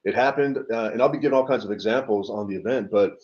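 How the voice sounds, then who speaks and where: A man's voice: lowish voice, fast, darkish tone, highs cut off. A middle-aged man speaking as a podcast guest, frank and earnest as he tells personal stories. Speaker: guest speaker, event leader. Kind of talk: podcast conversation, personal storytelling.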